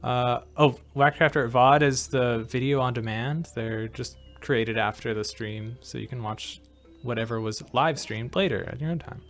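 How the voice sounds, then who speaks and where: A man's voice: mid-range voice, moderate pace, a bit bright. A man hosts a live stream in easy, playful conversation, reading out viewer comments as he goes. Faint music plays in the background. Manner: playful, reads chat comments aloud. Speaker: stream host reading chat. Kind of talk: casual stream chat.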